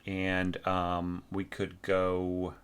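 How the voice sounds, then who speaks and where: A man's voice: sits low, completely flat delivery, very slow, fairly bright tone, clean tone. A man teaching orchestration, giving feedback on a score while thinking aloud. He often sings the musical parts and asks "right?". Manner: frequent fillers and restarts, encouraging but direct. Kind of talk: spoken feedback lesson on a score.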